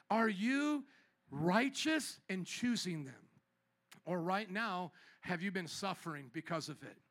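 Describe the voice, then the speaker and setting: Bright-voiced, playful preaching man. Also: sits high. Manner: playful, teasing, animated preaching. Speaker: pastor. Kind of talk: sermon. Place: church sanctuary.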